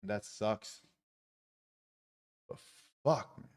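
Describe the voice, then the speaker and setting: A man's voice: fairly low pitch, very slow, darkish tone. A man live-streaming his day trading, talking through his trades with heavy swearing and frustrated outbursts.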